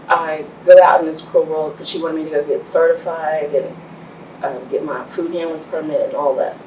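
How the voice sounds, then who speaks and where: A middle-aged woman, an animated storyteller who laughs often and acts out what people said, as an interview guest. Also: deep voice, a little hiss or hum. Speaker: business owner guest. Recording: echoey room, mic far off.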